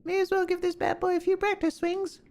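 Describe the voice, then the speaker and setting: A woman voicing a small, jittery young male crab in a game, reading its lines aloud in a squeaky, frantic, comic voice. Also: flat delivery, brisk, creaky, a little mellow, slight background noise. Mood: wry.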